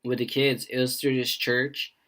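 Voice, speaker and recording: A young man co-hosts a casual podcast, rambling through stories from his jobs at an ordinary middle pitch, his tone level and a bit bright. He pauses often on fillers and slips into quick impressions of coworkers and customers, acting out their voices.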